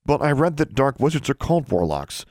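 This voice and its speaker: A man's voice: medium pitch, big pitch swings, no echo, voice pushed up, natural voice. Guy doing a feisty schoolgirl witch, snappy comebacks, lifted voice that swoops around, dry close sound. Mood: defiant. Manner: sharp, defiant, quick retorts. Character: bold defiant young witch schoolgirl.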